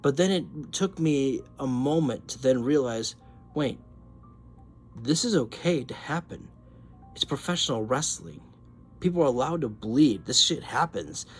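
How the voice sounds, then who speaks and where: Excitable young man ranting casually. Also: medium pitch. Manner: excitable, swears, rambling storytelling. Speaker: wrestling podcaster. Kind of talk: casual monologue.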